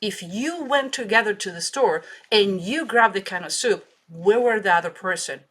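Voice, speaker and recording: A woman guest explaining her expertise in an emphatic, animated way, with grammar. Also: mid-range voice, moderate pace. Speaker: guest, body language expert. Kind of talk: interview answers.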